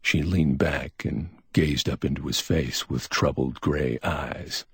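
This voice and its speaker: A man reading pulp crime fiction as an audiobook narrator, steady and even. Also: rumbling low, takes it slowly, slightly rough, no echo, studio quality.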